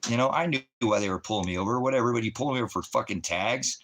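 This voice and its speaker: Racing along in a medium-pitched voice, this male ministry preacher spins casual, profane stories for his followers. He's coarse and swears nonstop, reenacting his angry outbursts by imitating how he yelled at people.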